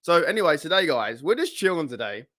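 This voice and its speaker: A man's voice: on the high side, sing-song, a little fast, fairly bright tone. A young Australian man hosting a casual fan podcast, chatty and slangy, laughing at himself as he talks into his camera. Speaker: podcast host. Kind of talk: casual chat. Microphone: webcam.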